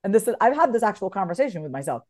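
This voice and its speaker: A woman's voice: mid-range voice, very animated, very fast, mellow. A woman from the United States, a guest on a podcast, talking frankly and with energy and swearing casually.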